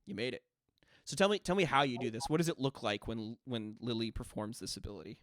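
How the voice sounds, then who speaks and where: A man running a tabletop game as game master, narrating scenes in a measured, descriptive way. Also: medium pitch, big pitch swings, a bit bright, dry recording, clean studio sound.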